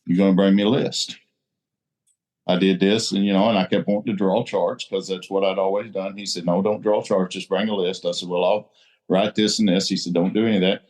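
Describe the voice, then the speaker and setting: A deep, low-pitched man speaks at a recovery group meeting. He is blunt and salty and drives his points home with a preacher's emphasis. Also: little pitch movement, brisk, a little mellow. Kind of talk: casual recovery group talk.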